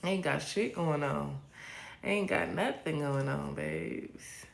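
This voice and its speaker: A young adult woman hosting a casual live stream, answering viewer comments in a blunt, profane, sassy way with drawn-out repeats. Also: deep voice, vocal fry. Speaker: livestream host. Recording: roomy echo.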